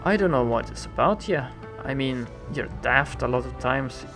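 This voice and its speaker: Man voicing a prickly young woman, blunt folksy talk, gravelly, lively pitch, game music behind. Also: moderate pace, natural voice. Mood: flustered.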